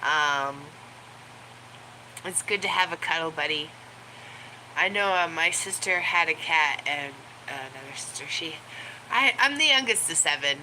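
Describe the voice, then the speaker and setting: A woman talks slowly and casually to her camera at home, stopping often for ums and small laughs. Her voice sits a little low, and household noise runs clearly behind her. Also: expressive, sharp tone, low-quality recording. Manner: rambling, with many ums and laughs; high baby talk to her pets. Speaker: vlogger.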